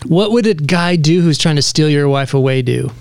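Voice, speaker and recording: Man, higher voice, gravelly but smooth, careful phrasing, podcast co-host, dry mic. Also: moderate pace, a little mellow, no echo. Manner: careful, searching for the right words. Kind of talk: casual podcast conversation.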